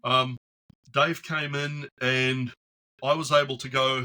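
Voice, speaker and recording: A man's voice: mid-range voice, slow. A man guesting on a podcast, telling stories casually and acting out the voices of people in his anecdotes. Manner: chatty, animated, acts out voices in anecdotes. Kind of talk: casual storytelling interview.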